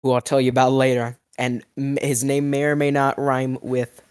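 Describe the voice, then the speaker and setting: A man's voice: medium pitch, level tone, normal speed, clean tone. Rambling young man with cracking voice. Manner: rambling, mock-outraged, swings between mumbling and yelling. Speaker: food review vlogger. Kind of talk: absurd comedic storytelling.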